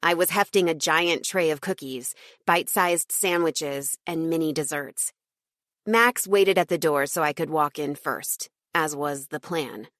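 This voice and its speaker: Female audiobook narrator, low-ish voice, snarky first-person read, dry booth sound. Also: unhurried, fairly bright tone, no echo. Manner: snarky, wry.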